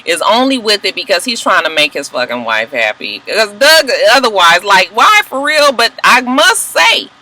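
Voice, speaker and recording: A woman recapping a reality TV episode in a blunt, sassy, heavily profane way, her pitch swinging widely as she tells the story. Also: very animated, moderate pace, few pauses, bright, forceful tone, poor audio. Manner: sassy, blunt, heavy swearing, mocking asides; wildly swinging pitch when telling the story. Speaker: TV show recap vlogger. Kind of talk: casual profane recap commentary.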